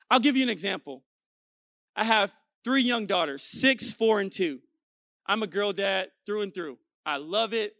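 A man in his thirties preaching a sermon, pastor of the church, shouting exhortations and asking his audience rhetorical questions. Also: high voice, lively intonation, normal speed, dry recording, studio quality.

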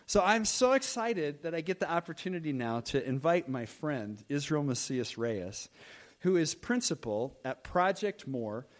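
A man pastor preaching a sermon in an animated, emphatic way. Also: on the high side, a little slow.

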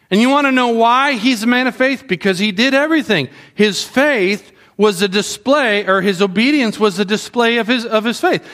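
Bright, lively man preaching to kids. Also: high voice. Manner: animated, asks the kids questions. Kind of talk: sermon to children.

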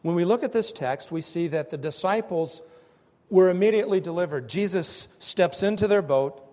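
A man preaching a sermon in slow, emphatic phrases that swell and drop with pauses between them. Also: sits high, mellow, in a large hall. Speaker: pastor.

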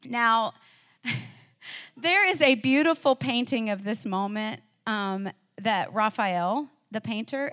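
A woman preaching a sermon in a casual, chatty storytelling way. She shifts between loud, emphatic declarations and quiet, offhand asides. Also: fairly high pitch. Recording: long reverb, as in a large hall.

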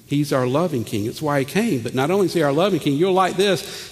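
A man, preaching a sermon in an animated way, stammering over repeated words and swinging from loud to hushed. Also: a little high, a little fast, big-room sound. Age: 40s. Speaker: pastor.

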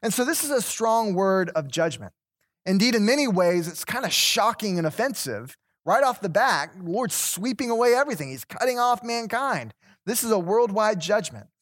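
A man's voice: high voice, sing-song, moderate pace, a bit bright. A man teaching an interactive Bible class, talking conversationally, repeating words and putting questions to the group.

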